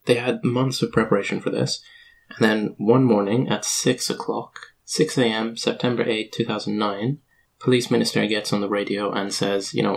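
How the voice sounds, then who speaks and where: A man's voice: on the low side, fairly even intonation, normal speed, vocal fry, poor audio. A man on a casual podcast, explaining facts at length in a lecture-like way. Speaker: podcast co-host. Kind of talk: casual chat.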